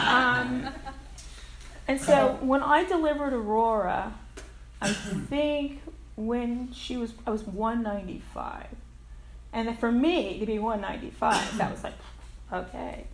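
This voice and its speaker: Her voice a little high, an older woman openly describes her recovery at a meeting, dropping casual swears and laughing at herself. The recording carries slight background noise and the echo and faint ambience of the room.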